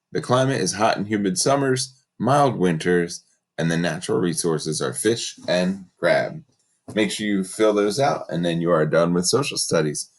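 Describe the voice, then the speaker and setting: A man teaching a third grade class in a recorded lesson, giving patient step-by-step instructions and reading from a textbook. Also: deep voice.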